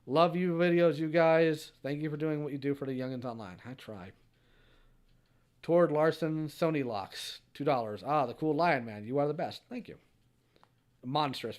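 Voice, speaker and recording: A young man hosts a livestream, reading viewers' donation messages one after another. His voice sits in an ordinary middle range, and he answers each message with a quick, dry one-liner. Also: mid-range voice. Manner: reads messages aloud, answers with short dry quips. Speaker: streamer host.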